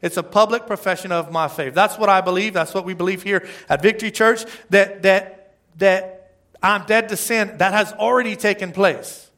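A man's voice: high voice, normal speed, a bit bright. A middle-aged man preaching a sermon in a church, in a conversational, self-deprecating way, often checking with his congregation. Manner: conversational, self-deprecating, asks the crowd "right?". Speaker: pastor. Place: church service before a congregation.

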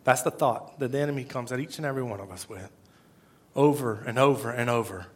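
A man preaching a sermon as pastor, conversational and swinging from hushed to emphatic. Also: mid-range voice, quick pace, husky.

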